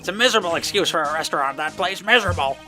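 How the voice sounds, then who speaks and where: A sour old man who barks complaints and scolds everyone around him, as a man puts him on. The voice is pushed high and bright, with cranky, huffing outbursts. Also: lively intonation, very fast, soft background music. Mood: grumpy.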